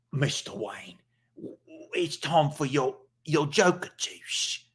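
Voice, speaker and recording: A man voicing a fussy old male butler, soft and coaxing. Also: a little high, very animated, very slow, breathy edge, heavily acted.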